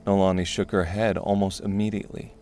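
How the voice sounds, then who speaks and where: A man narrating a dark fantasy audiobook in a steady, measured way. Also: low-pitched, soft background music.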